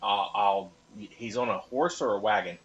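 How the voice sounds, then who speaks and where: A man's voice: on the low side, a little slow, a bit bright, muffled recording. A man playing his character in a tabletop game, answering in a laid-back, casual way. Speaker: player.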